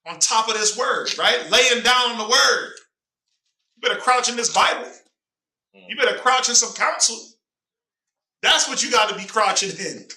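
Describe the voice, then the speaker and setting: A man's voice: very high-pitched, moderate pace, pauses often, bright, forceful tone. A man leading a Bible class with call-and-response, emphatic and preachy, prompting a reader along. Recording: roomy sound from a distant mic.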